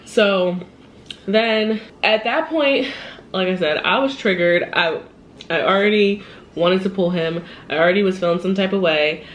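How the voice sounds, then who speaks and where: A woman telling a personal story in a casual vlog, animated and upset, laughing and quoting the people in it, a little shaky. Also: mid-range voice, measured pace, a little hiss or hum. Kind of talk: casual storytime while eating.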